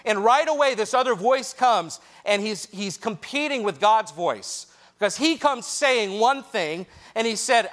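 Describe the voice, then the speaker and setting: A man preaching a sermon to a youth group, lively and jokey with quick asides, speaking straight to the young listeners. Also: sits high. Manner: directly addresses young listeners.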